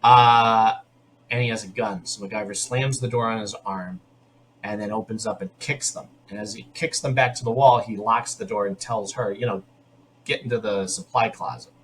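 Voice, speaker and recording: A man's voice: fairly low pitch, moderate pace, a little hiss or hum, rough recording. A man hosting a podcast, casually recapping a TV episode with lots of asides. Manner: animated storytelling with asides. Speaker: podcast host.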